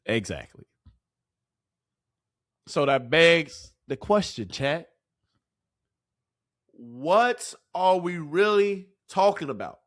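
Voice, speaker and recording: A man's voice: fairly high pitch, lively intonation, extremely slow, long pauses. A man hosting a fan sports commentary show, ranting heatedly with profanity and rhetorical questions. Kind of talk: fan reaction rant.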